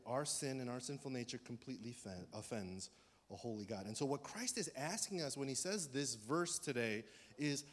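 A middle-aged male pastor preaches in a relaxed, conversational way, telling stories and leaning hard on key words. His voice sits at an ordinary pitch. The sound carries a long reverb from the hall around him. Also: husky. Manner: conversational, storytelling, animated emphasis. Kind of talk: sermon.

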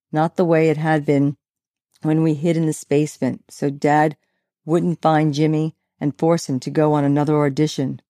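Mellow woman reading a story. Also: deep voice, dry recording, clean studio sound. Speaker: audiobook narrator. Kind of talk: first-person story narration.

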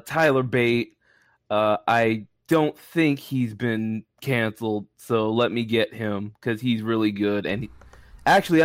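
A man's voice: medium pitch, clean tone, dry recording, studio quality. A man on a casual podcast over a voice call, wry and self-mocking. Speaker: podcast panelist. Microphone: own mic on a voice call.

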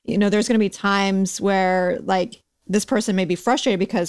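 A woman's voice: medium pitch, moderate pace, few pauses. A woman hosting a podcast, chatting casually and compassionately with a guest, with lots of "like" and "you know". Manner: warm, compassionate, chatty with many fillers. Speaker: podcast host.

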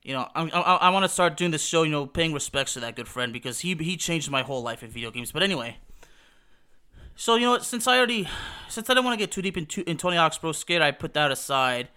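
A man's voice: fairly high pitch, expressive, quick pace, bright, forceful tone, clean tone. A young man hosting a podcast, rambling casually through nostalgic memories with many restarts and fillers. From Texas. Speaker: podcast host.

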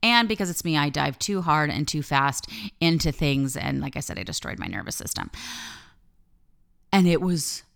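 A woman with a low voice and a gravelly edge, talking as a life coach in a podcast monologue. Her tone stays smooth and resonant underneath the fry, and she speaks candidly, swears freely, and leans hard on key words. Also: animated, normal speed, a bit bright. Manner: candid and profane, emphatic storytelling.

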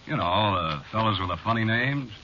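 A sly, needling bartender. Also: male voice, lowish voice, lively intonation, normal speed, pushed and bright. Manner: drawling, slangy, needling. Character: teasing, sinister male bartender. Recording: dull, faintly hissy old radio recording.

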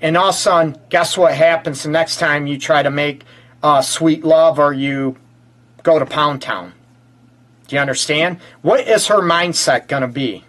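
A man hosting a relationship talk show, his voice sitting a touch high for a man. He teases his guests and pokes fun at himself, with the loose patter of a live chat. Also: normal speed, a bit bright. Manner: playful, teasing, self-mocking. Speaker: host, relationship counselor. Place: home in Metro Detroit.

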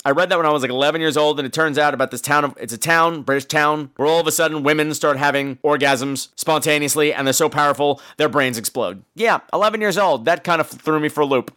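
A man hosting a podcast, recapping a horror movie in a sarcastic, profane, animated storytelling way. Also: on the high side, quick pace, hardly any pauses. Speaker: podcast host. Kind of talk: casual movie-recap chat.

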